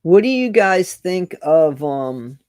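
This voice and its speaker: A man's voice: high-pitched, sing-song, takes it slowly, a little mellow, clean tone, no echo. A middle-aged man chatting casually with viewers on a live stream, greeting them by name and repeating his phrases.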